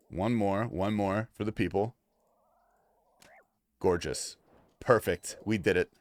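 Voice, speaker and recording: A man with a lowish voice talks a little slowly and pauses often while streaming a video game. He reacts to the gameplay and his chat in a loose, profane way, moving between mumbled remarks and excited outbursts.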